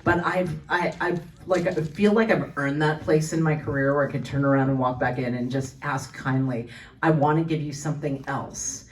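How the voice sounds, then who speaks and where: A woman's voice: rumbling low, steady tone, moderate pace, hardly any pauses. Woman voice actor, convention panelist, rambling anecdotal storyteller, distant mic. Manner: chatty storyteller, many restarts and fillers. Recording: voice from far off the mic.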